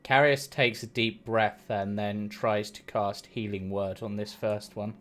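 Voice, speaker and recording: A man playing a tabletop game, speaking slowly and thoughtfully for his character. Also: fairly low pitch, steady tone, a bit bright. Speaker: player. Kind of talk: casual tabletop play.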